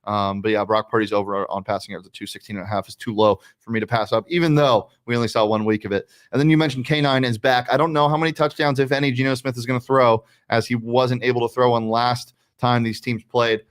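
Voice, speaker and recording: Fast-talking sports betting show host, male. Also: medium pitch, steady tone. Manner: fast, chatty, with restarts and fillers. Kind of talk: casual sports betting chat.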